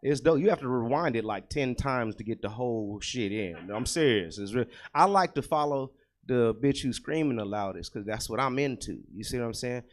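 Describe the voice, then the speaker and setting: A man's voice: expressive, moderate pace. Crude, swinging stand-up comedian, man. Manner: crude, conversational, talks to the crowd; swings between loud bursts and low muttered asides. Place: comedy club stage.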